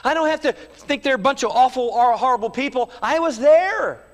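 A man's voice: extremely high pitch, lively intonation, a little fast, in a large hall. A man preaching a sermon with fervent rhetorical questions and acted-out quotes. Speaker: pastor.

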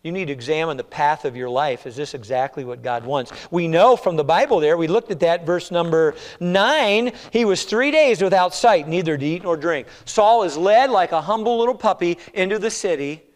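A man preaching a sermon in a church, swinging between hushed, slow appeals and loud, pleading cries. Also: on the high side, lively intonation. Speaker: pastor.

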